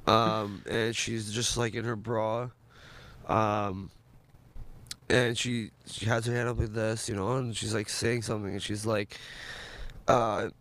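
A man's voice: lowish voice, level tone, slow, a bit bright. Rambling young man full of likes. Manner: rambling, filler-heavy storytelling with many likes and ums. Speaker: rapper guest. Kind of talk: casual chat.

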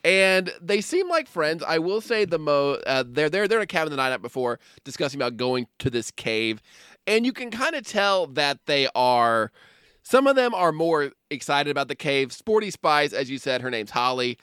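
Lively, joking american guy. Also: on the high side, moderate pace, clear, resonant tone, no echo, studio quality. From United States. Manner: animated, jokey, breaks into put-on voices and laughs. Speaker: podcast co-host. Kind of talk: casual chat.

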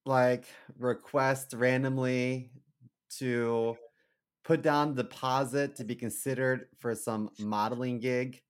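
A man co-hosting a comedy podcast in casual chat, throwing out quick wordplay jokes. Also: medium pitch, steady tone, clear, resonant tone. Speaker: podcast co-host.

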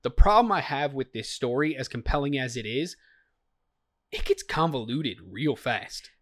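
A man hosting a podcast, walking his co-host through a movie's plot and teasing her gently. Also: mid-range voice, animated, normal speed. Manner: leading, teasing, explains plot. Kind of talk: casual movie review chat.

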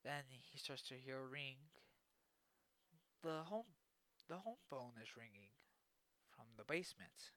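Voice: medium pitch, sing-song, a little slow, long pauses, fairly bright tone, no echo. A podcast host narrating a spooky story in an improvised way, with spoken sound effects and frequent restarts.

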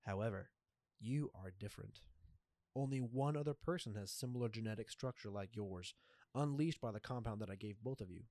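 A man voicing a calm, cryptic male jaguar spirit who speaks slowly and softly in a storybook reading. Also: on the low side, dry recording, clean studio sound, close to an everyday voice. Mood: solemn. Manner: slow, deliberate and soft-spoken.

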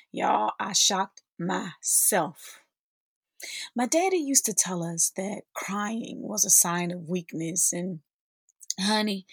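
A woman in her forties tells a personal story to her listeners with slow, heartfelt pacing. Her voice is husky and sits a little low. The recording is dry and close, with no room around it. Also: dry recording. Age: 40s. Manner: heartfelt, addresses listeners as sisters and y'all. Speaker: podcast host.

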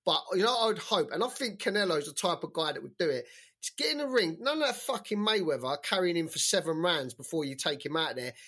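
High-ish voice guy cohosting, animated, opinionated, casual chat. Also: quick pace, slightly rough. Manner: animated, opinionated, laughs often. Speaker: podcast co-host.

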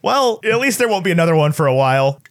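Man, podcast co-host, casual comedic chat, rambling, slightly high voice. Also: very animated. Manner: quick, rambling, self-interrupting. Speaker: podcast co-host reading reviews.

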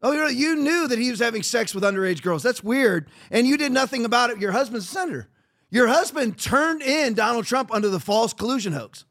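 High-voiced man ranting on politics. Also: lively intonation, brisk, fairly bright tone. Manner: emphatic, repetitive, sarcastic. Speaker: podcast host. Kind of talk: political commentary.

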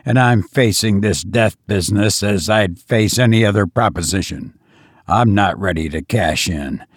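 A man's voice: lowish voice, moderate pace, breathy edge, dry recording, clean studio sound, voice pushed down. A man voicing a stubborn, scornful old man on his deathbed. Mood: defiant. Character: dying, defiant wealthy old man.

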